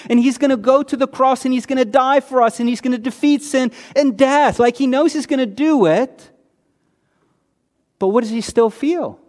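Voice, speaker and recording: In a church hall with long, trailing reverb, a high-voiced male pastor preaches in plain, chatty language. He poses questions to his listeners and answers them himself, dropping low and quiet on the words he wants to stress.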